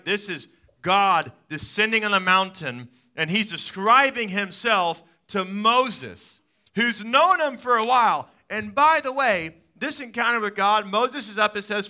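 A man in his thirties preaching a sermon as a pastor, telling stories with lively swings from loud excitement to quiet, soft talk. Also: sits high. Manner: animated storytelling, rising to loud excited peaks then dropping soft.

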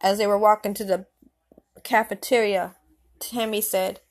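Brief: woman storyteller, halting and rambling, casual improv. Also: mid-range voice, flat delivery.

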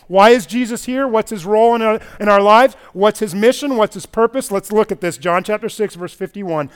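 A man preaching a sermon as pastor at a church service, swinging between loud emphatic stretches and quiet low passages. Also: a little fast, few pauses, smooth.

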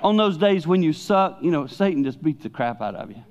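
An older man preaching a sermon, swinging between loud emphasis and hushed, personal asides. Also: on the high side, expressive, a little fast. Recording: dull lo-fi recording.

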